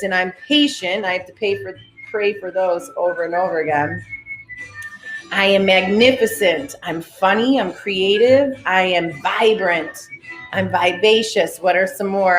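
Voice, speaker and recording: A woman's voice: medium pitch, a little slow, faint music behind. Motivational woman coach, roomy echo. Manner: motivational, commanding, repeats cues. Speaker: breathwork and affirmation coach. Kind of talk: guided breathing and affirmations. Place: live-streamed session in a roomy space.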